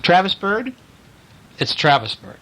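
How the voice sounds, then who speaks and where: A man's voice: sits high, big pitch swings, a little slow, a crowd in the background, rough recording. A man reading picture books aloud to a child in bed, breaking off in a chatty, playful way to point out the pictures. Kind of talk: bedtime story reading. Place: in bed at home.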